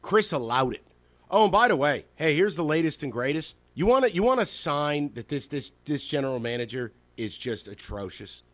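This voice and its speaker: Animated, sarcastic sports radio host. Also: male voice, a little high, normal speed, no room sound. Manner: animated, sarcastic, emphatic ranting. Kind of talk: sports talk radio rant. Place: radio studio. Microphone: studio microphone.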